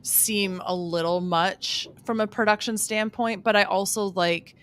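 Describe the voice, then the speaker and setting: A woman's voice: medium pitch, fairly even intonation, unhurried. A woman in her thirties, co-hosting a podcast, who chats and explains at length with lots of fillers. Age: 30s. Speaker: podcast co-host. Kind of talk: casual chat.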